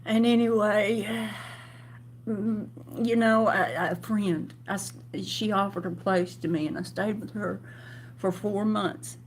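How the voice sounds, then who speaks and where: A middle-aged woman tells her story in an emotional personal vlog, halting and restarting often. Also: medium pitch, fairly even intonation, slight background noise. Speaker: vlogger.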